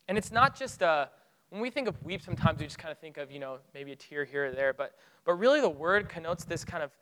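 Animated high-voiced male preacher. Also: poor audio. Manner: animated, swings from loud excitement to hushed solemn tones. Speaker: pastor. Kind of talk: sermon storytelling.

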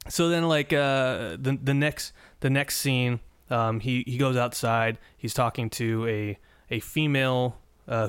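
A man's voice: medium pitch, clean tone, no room sound. Rambling man recapping an old episode. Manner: rambling, many restarts and fillers. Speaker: podcast host.

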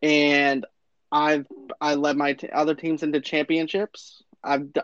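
A man with a gravelly, slightly high voice talks casually about a film, peppering his sentences with "actually" and "and everything." The recording is dull and lo-fi, and the sound is close and dry. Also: no room sound. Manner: conversational, repeats "and everything", "actually", "though, too". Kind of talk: casual movie discussion.

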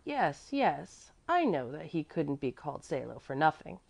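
Earnest, fretful old housekeeper type, emphatic, with lively pitch swings, read by a woman. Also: unhurried, vocal fry, full character voice. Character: fussy, devoted older woman servant.

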